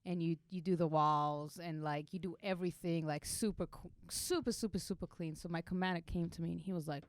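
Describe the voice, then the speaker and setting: A young woman from Israel with an Israeli accent, a podcast co-host telling a story in animated, laughing casual chat. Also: lowish voice, brisk, hardly any pauses, no echo. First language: Hebrew. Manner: animated, laughing, acts out voices in anecdotes.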